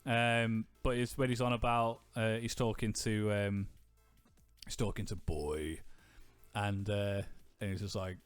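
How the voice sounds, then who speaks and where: A man's voice: fairly low pitch, flat delivery, a little slow, smooth, soft background music. A man co-hosting a podcast, joking and swearing in casual chat and laughing often. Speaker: podcast co-host.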